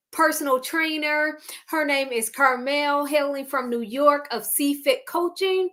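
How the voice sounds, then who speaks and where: A woman's voice: high-pitched, pushed and bright. An American woman hosting an interview podcast, bubbly and effusive, laughing often. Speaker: podcast host. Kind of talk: upbeat interview chat.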